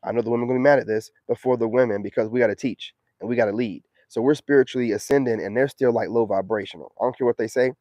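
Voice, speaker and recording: A man's voice: medium pitch, steady tone, very fast, few pauses, warm tone, dry recording. A man hosting a live stream, talking in a slangy, preachy, emphatic way in a casual monologue.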